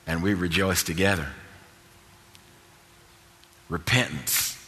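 A man's voice: fairly low pitch, moderate pace, pauses often, pushed and bright, long reverb tail. A man preaching a sermon, telling personal stories and building to emphatic exhortation.

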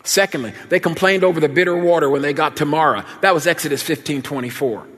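A man preaching a sermon, telling a childhood story in an animated, folksy way before listing scripture references. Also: on the high side, quick pace. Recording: long hall reverb.

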